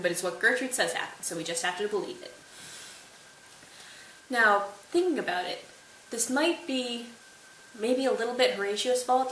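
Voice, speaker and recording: A woman's voice: medium pitch, fairly bright tone. Woman host, slangy casual retelling, faint hiss. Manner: chatty, playful, slangy. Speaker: host retelling a play for study. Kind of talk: casual study summary. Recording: roomy, distant mic, faint hiss.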